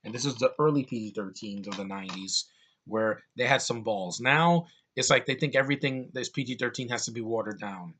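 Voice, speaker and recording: A man's voice: medium pitch, brisk. Young male reviewer, mid-range voice, casual ranting delivery, blunt and profane. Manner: blunt, ranting, swears freely, repeats words when excited. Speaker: movie reviewer. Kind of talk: casual opinionated movie review.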